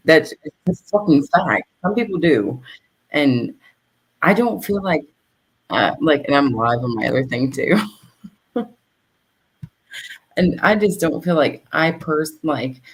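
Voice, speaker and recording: A woman's voice: low voice, expressive, a little slow, breathy edge, poor audio. A woman hosting a livestream in casual chat, rambling and profane, laughing often between her words. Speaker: livestream host.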